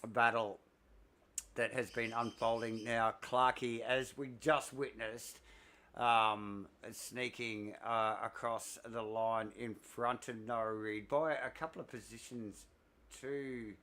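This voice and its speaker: A man, commentating a sim race live, excitable and out of breath, rambling with fillers. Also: medium pitch, slow.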